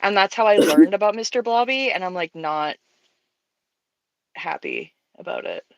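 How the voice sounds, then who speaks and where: A woman's voice: medium pitch, lively intonation, normal speed, vocal fry, no echo, dull audio. Chatty Canadian woman, dry close sound. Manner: chatty, laughs easily, self-deprecating. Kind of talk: casual chat while painting on a stream.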